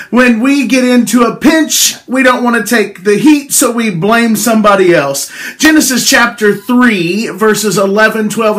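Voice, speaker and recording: A man's voice: sits high, fairly bright tone. A man giving a spoken daily devotional as its regular preacher, earnest and exhorting.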